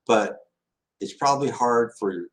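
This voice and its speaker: In a low-quality recording, a man with a mid-range, unhurried voice hosts a question-and-answer session, answering viewer questions. His casual storytelling rambles, restarts often, and acts out quoted speech.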